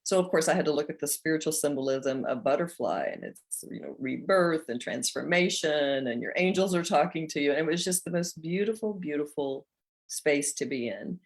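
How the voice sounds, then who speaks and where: Speaking at a normal speed in a deep, expressive voice, this North Georgia woman is hosting a motivational talk. She's middle-aged and tells a personal story with heartfelt earnestness.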